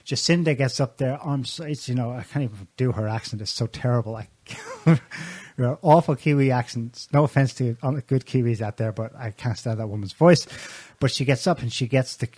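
Husky-voiced man giving sardonic commentary. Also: medium pitch, brisk, darkish tone, dry recording. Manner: sardonic, pointed delivery with frequent restarts. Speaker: show co-host. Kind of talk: casual political commentary.

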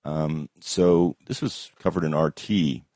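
Very deep-voiced hesitant man. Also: fairly even intonation, slow, warm tone, dry recording, clean studio sound. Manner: hesitant, many ums and uhs. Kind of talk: casual commentary.

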